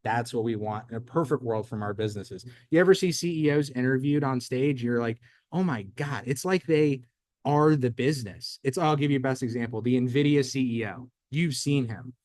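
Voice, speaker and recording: A man hosting a business workshop, talking casually and acting out a short story with lively quoted lines. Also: mid-range voice, normal speed, no echo. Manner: energetic storyteller, acts out quotes. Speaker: host. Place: event space.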